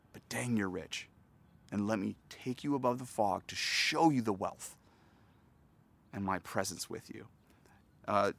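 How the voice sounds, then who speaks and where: Gravelly-voiced pastor preaching earnestly. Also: male voice, mid-range voice, a bit bright, dry recording. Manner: earnest, conversational preaching with pauses and restarts. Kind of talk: sermon. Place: outdoors.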